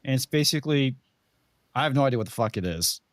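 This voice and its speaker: A man's voice: mid-range voice, lively intonation, quick pace, no room sound. A man hosting a casual comedy talk show, reading out silly texts and laughing while he talks. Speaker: podcast host.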